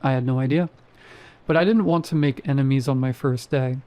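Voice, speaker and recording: A man's voice: medium pitch, fairly quick, warm tone, clean tone. A man reading a first-person horror story aloud, dropping wry, sarcastic asides.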